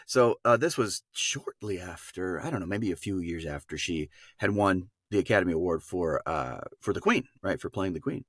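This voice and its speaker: A man, a dialect coach and podcast guest, telling a story with lively acted-out voices. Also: sits low, normal speed, hardly any pauses, slightly rough, dry recording, studio quality. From Wisconsin. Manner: lively, acts out voices in his stories. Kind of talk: animated storytelling anecdote.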